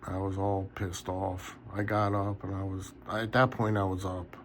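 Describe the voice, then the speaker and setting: A man's voice: sits low, level tone, moderate pace, slight background noise. A tired man rambling casually in a late-night vlog from his bedroom, yawning often. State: sleepy. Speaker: knife collector vlogger.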